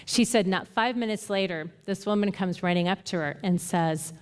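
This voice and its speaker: A woman's voice: medium pitch, normal speed, few pauses, clean tone, in a large hall. A woman leading a Bible study, earnestly teaching and retelling stories with quoted dialogue. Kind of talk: conversational teaching and storytelling.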